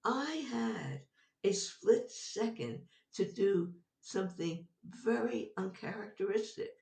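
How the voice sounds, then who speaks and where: A woman guest, older, telling a personal story in an animated way, laughing often as she talks. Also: mid-range voice, slow, vocal fry, recorded from a distance. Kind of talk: storytelling in an interview. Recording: roomy sound from off-mic.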